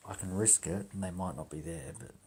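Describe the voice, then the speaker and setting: A young man telling a story on a livestream in a profane, swaggering, animated rant. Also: low-pitched, a little fast, a little hiss or hum. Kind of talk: ranting casual storytelling.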